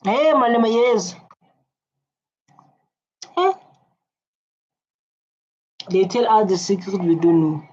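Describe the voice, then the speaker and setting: Husky woman reacting. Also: mid-range voice, drawn-out words, long pauses, lo-fi sound. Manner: animated, repeats phrases, many fillers and restarts. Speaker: reaction video host. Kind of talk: casual reaction commentary.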